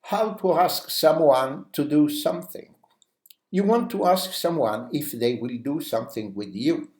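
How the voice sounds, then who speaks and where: Slow-paced male English teacher. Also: a little high. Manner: acts out example phrases in a lively way; uses many "you know" fillers. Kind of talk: language lesson. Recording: roomy echo.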